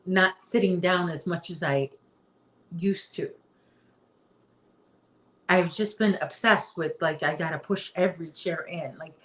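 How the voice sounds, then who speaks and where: A woman hosts a relaxed livestream from her home and chats with viewers at an unhurried pace. Her voice sits a little low, and she reads comments aloud between her own stories. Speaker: livestream host. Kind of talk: casual livestream chat.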